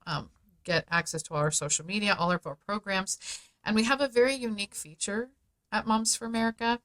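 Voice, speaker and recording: Middle-aged woman on a podcast, mid voice, emphatic and persuasive, talks fast then drags words out for punch. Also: medium pitch, fairly bright tone. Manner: emphatic, persuasive, speeds up and slows for stress. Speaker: guest, founder of a parents' advocacy group. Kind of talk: podcast interview.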